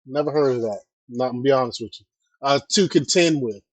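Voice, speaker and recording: A man's voice: mid-range voice, a little fast, dry recording. A man hosting a casual political news commentary, talking hesitantly with fillers and chatty asides to his viewers.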